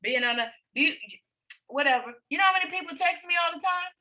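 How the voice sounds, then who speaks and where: High bright-voiced woman coach. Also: animated, fast talker, low-quality recording. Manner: repetitive and emphatic, peppered with rhetorical questions. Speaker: business coach presenting to a team. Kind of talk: motivational training talk.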